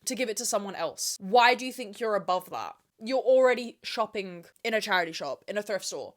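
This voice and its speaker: A woman's voice: medium pitch, lively intonation, a little fast. A young woman in her twenties hosting a solo podcast to camera, ranting emphatically and swearing freely. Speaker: podcast host. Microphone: camera mic, speaking to camera.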